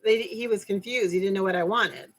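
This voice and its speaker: Female dog owner on a podcast; hesitant, filler-heavy everyday speech, middle pitch. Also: a little fast, poor audio. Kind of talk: casual chat.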